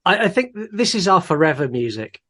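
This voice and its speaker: A man's voice: high-pitched, very animated, a little fast, bright, forceful tone. A man co-hosting a casual movie podcast, joking and rambling a bit. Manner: jokey, rambling, self-deprecating. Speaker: podcast co-host.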